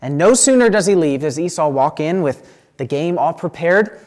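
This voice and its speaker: A man reading a scripture passage aloud and then explaining it in a relaxed, conversational teaching style, often checking in with his listeners. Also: on the high side, normal speed. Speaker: Bible teacher.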